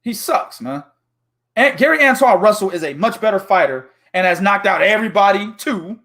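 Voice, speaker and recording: A high, bright male voice that leaps all over its range as he riffs on boxing with a co-host. He talks loudly in casual profane slang and laughs often. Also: normal speed. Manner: loud, animated, laughing, heavy slang.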